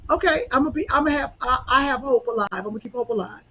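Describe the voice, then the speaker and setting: A woman co-hosting a comedy podcast, teasing her partner in quick casual banter. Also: high voice, bright, forceful tone, slight background noise, poor audio. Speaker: podcast co-host.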